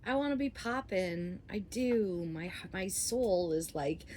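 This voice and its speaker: A woman in her forties talking to her viewers in a candid, rambling monologue, cursing freely and swinging between loud outbursts and soft asides. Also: fairly low pitch, moderate pace, a little hiss or hum. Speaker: vlogger. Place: outdoors under a flight path.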